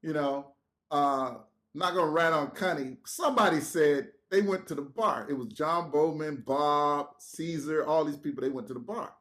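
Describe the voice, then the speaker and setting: Speaking at a normal pace in a fairly high voice, this man is a guest on a podcast. He tells a story casually, laughing and animated, swearing as he acts out other people's words.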